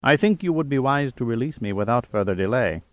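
A man voicing a cold, proud older captive tycoon who speaks quietly and with authority. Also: mid-range voice, expressive, fairly quick, dry recording, highs cut off, lightly acted. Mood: haughty.

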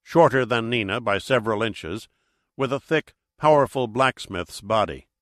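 A man reading an audiobook in steady, measured narration. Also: medium pitch, no echo, studio quality. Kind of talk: scripted narration.

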